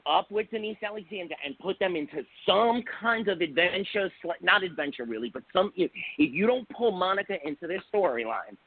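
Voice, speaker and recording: A man co-hosting a casual chat about soap operas, talking excitedly with dramatic build-ups. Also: high voice, brisk, few pauses, no echo. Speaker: co-host. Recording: tinny phone-line audio.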